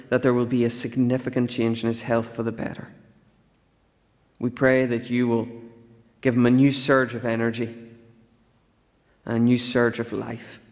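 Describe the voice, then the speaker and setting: Earnest man leading church prayer. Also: mid-range voice. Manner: earnest, steady prayer phrasing. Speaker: preacher. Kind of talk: leading prayer and a sermon introduction. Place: church sanctuary. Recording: long church reverb.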